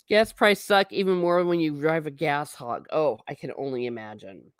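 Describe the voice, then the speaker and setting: A woman hosts a casual stream, musing aloud and reading viewer comments between laughs. Her voice sits a little low for a woman. The sound is dry and close, with no room around it. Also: normal speed, hardly any pauses, clear, resonant tone, dry recording. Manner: chatty, rambling, laughs often. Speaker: livestream host reading chat. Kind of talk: casual livestream chat.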